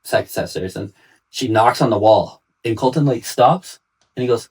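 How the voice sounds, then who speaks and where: A man's voice: mid-range voice, normal speed, a little mellow, husky, low-quality recording. A man and father in a casual podcast chat, telling stories in a loose, rambling way full of fillers. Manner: rambling storyteller, heavy use of "like".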